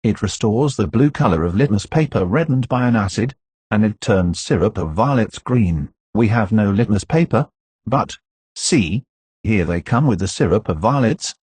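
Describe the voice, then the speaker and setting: A man's voice: lowish voice, lively intonation, a little mellow, slightly rough, no room sound. A man voicing a grave middle-aged doctor who speaks firmly and insistently. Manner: firm, measured, accusing.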